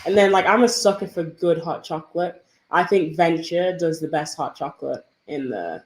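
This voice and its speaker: A woman's voice: low-pitched, normal speed. A young woman with an English accent, a podcast guest chatting casually and laughing often as she tells stories. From England. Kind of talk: casual interview chat. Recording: roomy echo.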